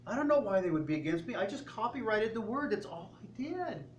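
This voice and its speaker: A man's voice: high voice, big pitch swings, fairly quick, a little hiss or hum, pitched above the performer's own voice. A man voicing a whiny, self-pitying middle-aged woman who owns a restaurant and stammers out excuses. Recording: roomy, distant church sound.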